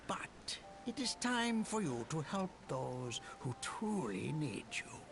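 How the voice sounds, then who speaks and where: An actor voicing a gentle, wise elderly male mentor in a game, slow and gravelly. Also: fairly high pitch, very animated, full character voice. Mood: fond, solemn. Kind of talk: game voice acting. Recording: game audio with clear music behind. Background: game music.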